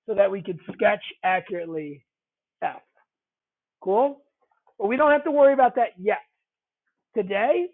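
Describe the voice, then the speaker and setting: A man teaching a math lesson, talking conversationally, repeating key phrases and checking in with the class. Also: sits high. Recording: tinny phone-like audio.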